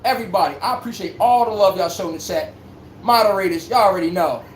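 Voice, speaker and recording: A man with a high-pitched voice talks fast while hosting a livestream sports talk show for his chat. He's brash and joking, packing in slang and sudden bursts of hype. The recording has a roomy echo and a faint hum in the background.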